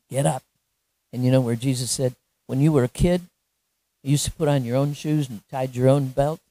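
Warm, animated woman preaching. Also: deep voice, no echo. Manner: animated storytelling, laughing often. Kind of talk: sermon.

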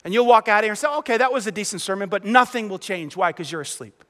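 A middle-aged male pastor preaching an energetic sermon, acting out the prayers and voices he quotes. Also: high voice, fast talker. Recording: long hall reverb.

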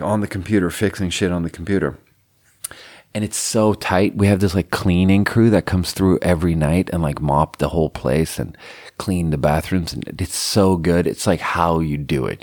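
A man's voice: on the low side, darkish tone, no echo, studio quality. A young man hosting a podcast, telling a rambling, profane, self-deprecating story in a casual monologue. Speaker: podcast host.

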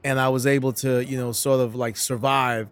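A man's voice: mid-range voice, flat delivery, moderate pace, smooth. A middle-aged man from New City, telling stories as a comedian guest in a casual interview, acting out quotes with frequent restarts. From New York City.

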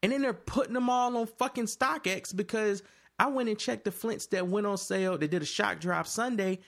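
A man in casual chat with friends, telling stories in an animated, profane way. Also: sits high, normal speed, creaky.

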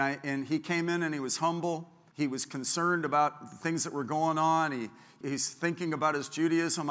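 A male pastor preaching a sermon, telling stories and acting out the people he quotes. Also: fairly high pitch. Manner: storytelling, acts out quoted people, grows louder and more fervent. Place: church sanctuary. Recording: long hall reverb.

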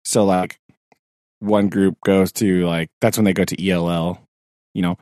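Low-voiced laid-back male teacher. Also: little pitch movement, a little slow, a little mellow, no room sound, studio quality. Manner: laughs often, rambling with fillers. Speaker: podcast co-host; sixth grade teacher. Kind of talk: casual chat.

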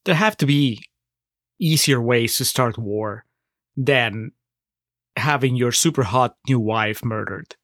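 A man's voice: mid-range voice, slow pace, long pauses, fairly bright tone, dry recording, clean studio sound. A man co-hosting a podcast, wryly picking apart a film and laughing often. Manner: wry, laughs often, pokes holes in the plot. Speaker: podcast co-host. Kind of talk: casual movie review chat.

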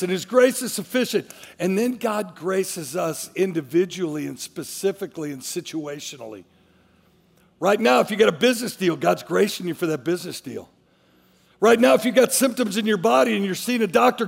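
A man's voice: high voice, expressive, moderate pace, creaky, long reverb tail. A man preaching a sermon as a pastor, emphatic, repeating his phrases as he drives each point home.

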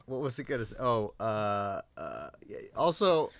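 Podcast cohost dude, bright voice, riffing on silly bits, jokey. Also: male voice, lowish voice, sing-song, measured pace, no room sound. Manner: jokey, riffs on absurd scenarios. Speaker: podcast co-host. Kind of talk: casual chat recapping a sitcom.

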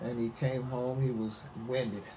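Older man, unhurried storyteller, interview guest. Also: mid-range voice, little pitch movement, warm tone, a little hiss or hum, low-quality recording. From Mississippi. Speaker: musician guest.

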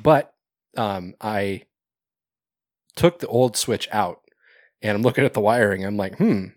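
A man's voice: lowish voice, unhurried, no room sound. Man, podcast host, casual chat, rambling and profane, laughs a lot, dry close sound.

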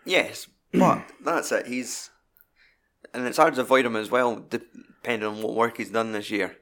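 A man's voice: medium pitch, moderate pace, a bit bright. A Scottish man hosting a podcast, chatting casually with sweary, jokey banter. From Scotland. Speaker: podcast host. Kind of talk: casual chat.

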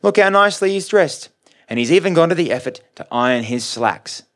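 A bewildered, prim old lady, voiced by a male reader in a spoken story. Her voice lifts noticeably higher than ordinary speech, with polite, genteel questioning. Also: lively intonation, fairly quick, fairly bright tone. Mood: flustered. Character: elderly woman, confused, mild and polite.

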